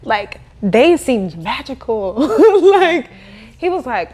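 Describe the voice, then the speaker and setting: A young adult woman, a guest in a casual interview, telling her story in a lively way, laughing and acting out what people said. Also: high-pitched, takes it slowly, breathy edge. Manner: animated, laughing, acts out quoted dialogue. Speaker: guest, cleaning business owner.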